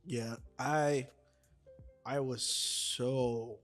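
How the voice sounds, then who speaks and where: A man's voice: medium pitch, fairly even intonation, drawn-out words, soft background music. A man co-hosting a casual podcast, talking in a reflective, agreeable way with many "you know" fillers. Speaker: podcast co-host. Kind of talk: casual chat.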